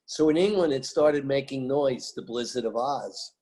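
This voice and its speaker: An American man recounts music-industry stories during an interview, animated and emphatic, drifting off track and saying the same phrases more than once. He speaks at a normal speed in a mid-range voice with a dark tone.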